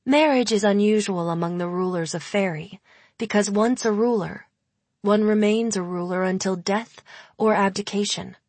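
A woman narrating a first-person audiobook in a measured, intimate manner. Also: mid-range voice, darkish tone, dry recording.

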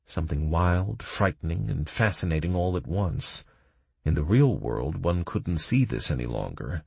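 A man narrating a fantasy story in the first person, measured and dramatic, on a close studio mic. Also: low voice, animated, vocal fry, darkish tone, slightly rough, no echo. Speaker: audiobook narrator.

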